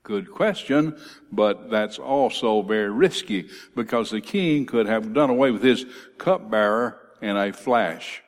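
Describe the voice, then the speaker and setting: A man preaching a sermon in a church, lifting his voice on scripture quotes and dropping low on key words. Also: a little slow. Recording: reverberant hall.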